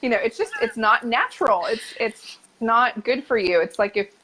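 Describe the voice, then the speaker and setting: A woman's voice: fairly high pitch, animated, moderate pace, sharp tone, a little hiss or hum, poor audio. A woman hosting a podcast who speaks in an earnest, reflective way about her own experiences. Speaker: podcast host. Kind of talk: casual conversation.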